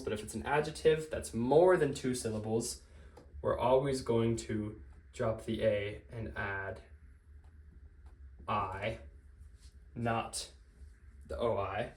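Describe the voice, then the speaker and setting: A man gives a casual grammar lesson at an everyday mid-range pitch, patiently laying out the rules step by step. He talks loosely, with plenty of fillers and quick self-corrections. The recording carries a noticeable room echo. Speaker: language teacher.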